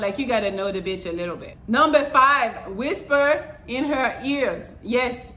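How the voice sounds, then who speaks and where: A woman talks through dating advice in a loose, blunt way, swearing freely. Her voice sits a little high, and the room gives it a noticeable echo. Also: fairly bright tone. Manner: frank and profane, acts out little quotes. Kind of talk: casual advice talk to camera.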